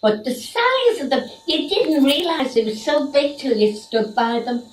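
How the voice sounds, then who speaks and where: A woman's voice: high-pitched, big pitch swings, measured pace. Older woman reminiscing, echoey room. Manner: reminiscing, chatty. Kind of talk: casual family chat. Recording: echoey room, mic far off, faint noise.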